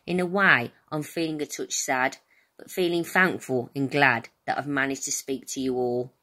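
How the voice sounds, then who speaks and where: A woman with a Birmingham accent reads her own rhyming poem aloud, speaking straight to her pupils. Her voice sits very low for a woman, and her reading stays earnest and direct. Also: steady tone, moderate pace, sharp tone. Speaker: school staff member.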